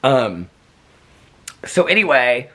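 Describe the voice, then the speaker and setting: A man's voice: medium pitch, sing-song, takes it slowly, sharp tone. An American man vlogging at home in a rambling, chatty way, talking to his dog. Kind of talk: casual chat. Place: home, indoors. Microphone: camera.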